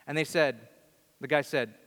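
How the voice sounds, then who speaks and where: A man preaching in a storytelling sermon, with a somewhat high, forceful voice. He talks in an animated, chatty way and often restarts his sentences. His voice rings out with a long reverb, as in a large church hall. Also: normal speed. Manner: animated, conversational, many restarts. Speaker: pastor.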